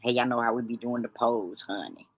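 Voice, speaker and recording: A woman's voice: extremely low pitch, a little fast, slightly rough, no room sound, lo-fi sound. Chatty woman hosting a live stream. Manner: chatty, calls viewers honey and baby; folksy slang, restarts and stumbles. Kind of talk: casual live stream chat.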